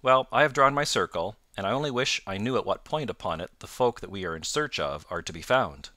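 A man's voice: on the low side, animated, fairly quick, sharp tone, dry recording, clean studio sound. A man doing a bluff, hearty police inspector. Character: brisk, eager male police inspector. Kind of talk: audiobook narration.

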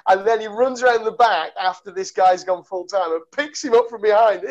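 Guy hosting a chatty podcast, kinda high voice, rambly, muffled lo-fi sound. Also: moderate pace. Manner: rambling, full of fillers and laughter. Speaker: podcast host. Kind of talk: casual chat. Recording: dull lo-fi podcast audio.

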